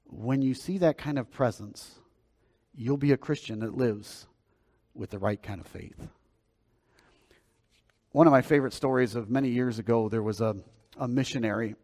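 An earnest man preaching a sermon, his voice at an ordinary middle pitch for a man. He shifts between swelling, emphatic phrases and quiet, dropped ones, then moves into prayer. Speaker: pastor.

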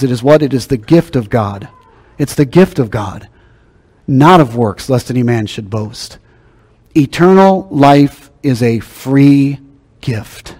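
An older man preaching a sermon as pastor, emphatic, slowing down and dropping his voice to drive key points home. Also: medium pitch. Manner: emphatic, slows down and drops to a hush for key points. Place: church sanctuary. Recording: long hall reverb.

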